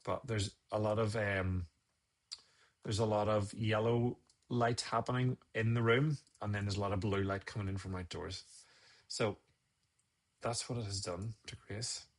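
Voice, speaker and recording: A man's voice: lowish voice, fairly even intonation, measured pace. A man casually talking viewers through a photo edit on a live stream, rambling and thinking aloud as he works.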